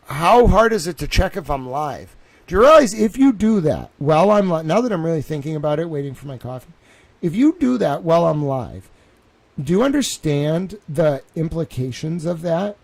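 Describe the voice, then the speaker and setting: A young man talking at home on a live stream, excitable and rambling, repeating himself and saying "bro" and "like" a lot. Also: a little high, moderate pace.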